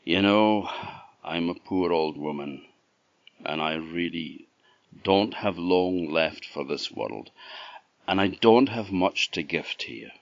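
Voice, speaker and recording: Frail old Scottish mother on her deathbed, low creaky voice, a male storyteller puts her on, dull recording. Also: animated, slow pace, dry recording, heavily acted. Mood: tender. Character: poor old dying mother, gentle.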